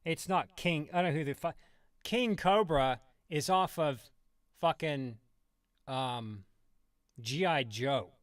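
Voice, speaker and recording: A man with a slightly high voice rants on a stream, swearing constantly and sarcastic as he rambles from one tangent to the next. The sound is dry and close, with no room around it. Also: slow, long pauses, clean tone, no echo. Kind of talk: profane ranting commentary.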